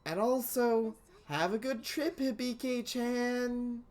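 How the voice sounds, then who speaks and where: A gentle, protective big-sister girl from a visual novel with a put-on Southern drawl, as a woman voices her. She talks sweetly and fusses, drawing her words out in a raised, lilting pitch. Her delivery is unhurried. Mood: fussing. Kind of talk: visual novel voice-over reading.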